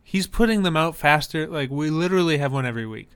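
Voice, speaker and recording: Smooth-voiced man joking on a podcast. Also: a little high, expressive, quick pace, fairly bright tone. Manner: joking, speculative. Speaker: podcast co-host. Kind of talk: casual chat.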